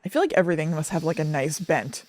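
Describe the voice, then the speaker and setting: A woman's voice: low-pitched, quick pace, no echo. A young woman co-hosting a podcast, recapping a cartoon episode in casual chat and getting emotional as she goes. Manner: animated, laughing and crying while retelling. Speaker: podcast co-host.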